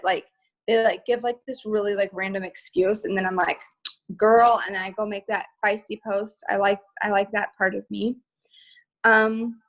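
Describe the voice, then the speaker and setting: A woman's voice: medium pitch, low-quality recording. Chatty woman with lots of fillers. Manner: chatty, filler-heavy, upbeat. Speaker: guest speaker. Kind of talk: casual live-stream talk.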